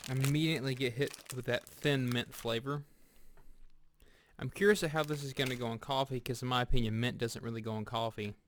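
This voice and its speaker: A man giving a casual snack review, speaking deliberately and pausing often with fillers and restarts. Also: mid-range voice, steady tone, a little hiss or hum. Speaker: food reviewer. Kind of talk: casual product review vlog.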